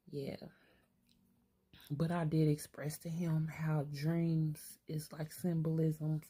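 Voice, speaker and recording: Low-voiced grandma vlogging, blunt and cussing, talking to herself out loud. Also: female voice, slightly rough. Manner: blunt, streetwise, talks to herself aloud; swears freely. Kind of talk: candid self-reflective monologue.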